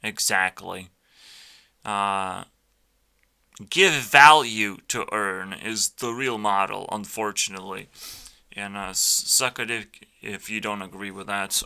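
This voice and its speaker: Slow, profane ranting man. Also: lowish voice, gravelly, bright, forceful tone, clear, resonant tone. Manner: blunt, profane, full of fillers and restarts. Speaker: youtuber reacting to videos. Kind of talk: casual ranting commentary.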